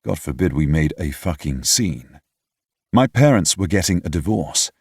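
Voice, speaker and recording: A man's voice: sits low, animated, moderate pace, a little mellow, slightly rough, no room sound, studio quality. A young British man narrating a first-person romance audiobook in a reflective, wry, slightly pompous way. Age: young adult.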